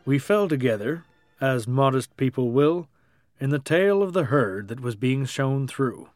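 A man narrating an audiobook in a measured, literary storytelling manner. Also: medium pitch, expressive, dry recording, soft background music.

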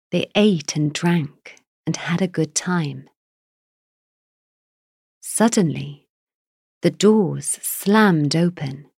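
A woman narrating a children's fairy tale in a measured, gentle reading style. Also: low voice, vocal fry, husky, dry recording, clean studio sound. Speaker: storyteller. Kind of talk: storybook narration.

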